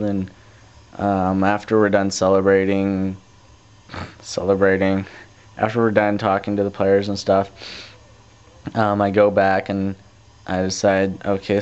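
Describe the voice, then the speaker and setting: Teenage male vlogger, low smooth voice, rambling storyteller, muffled lo-fi tape sound. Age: teens. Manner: rambling, restarts often, animated when retelling. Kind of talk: casual storytelling to camera. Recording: dull lo-fi camcorder tape audio.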